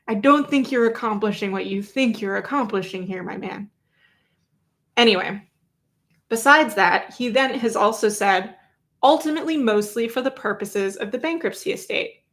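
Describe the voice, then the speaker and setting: Chatty woman with a higher voice. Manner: chatty, wry, filler-heavy. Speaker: trial reporter and host. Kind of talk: casual commentary recap.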